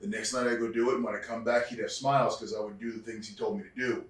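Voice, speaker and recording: A man's voice: fairly low pitch, steady tone, quick pace. A man, a former wrestler, tells reflective stories in an interview, restarting often and acting out the people he quotes. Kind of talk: storytelling interview. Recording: echoey room, distant mic.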